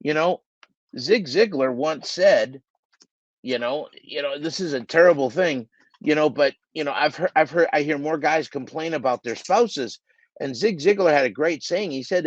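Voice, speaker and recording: Earnest coaching man, a bit high. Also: normal speed, no room sound, highs cut off. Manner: earnest, emphatic, repeats points for stress. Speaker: business coach and podcast host. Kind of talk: motivational talk to shop owners.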